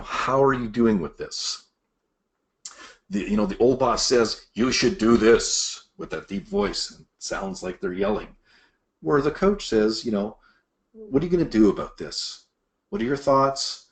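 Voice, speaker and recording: A middle-aged man teaching sales managers in a master class, acting out what bosses and reps say. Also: mid-range voice. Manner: animated, acts out quoted bosses and reps. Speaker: sales leadership trainer. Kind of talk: presentation-style master class.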